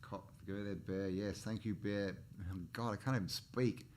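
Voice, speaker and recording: Man, lowish voice, casual livestream chat, rambling, faint background hiss. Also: steady tone, unhurried, a little mellow. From Australia. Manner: rambling, greets and answers live chat; frequent restarts and chuckles. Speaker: channel host.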